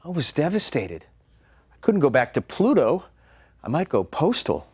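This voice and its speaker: A man performing a wry, animated comic monologue as a solo storyteller. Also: fairly high pitch, normal speed, husky.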